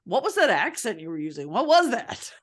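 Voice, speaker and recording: A woman co-hosting a podcast, chatting casually and excitedly, often laughing and exclaiming. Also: fairly high pitch, measured pace, slight background noise. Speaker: podcast co-host. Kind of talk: casual chat.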